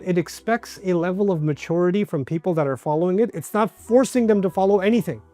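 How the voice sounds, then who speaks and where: A man delivers a religious talk in a relaxed, conversational manner, and his voice sits fairly high for a man. He keeps asking the listeners questions and briefly acts out the people he describes. Soft music plays faintly beneath him. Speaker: preacher. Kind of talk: religious lecture.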